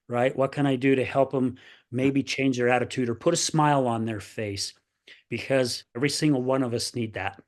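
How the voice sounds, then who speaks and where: A man's voice: mid-range voice, a little fast. A man in his sixties, a podcast guest, talking in an earnest, upbeat way and often tagging sentences with "right?". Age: 60s. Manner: earnest, upbeat, repeats "right?" and "I tell you what"; plays other people's voices in animated retellings. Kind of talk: candid interview talk.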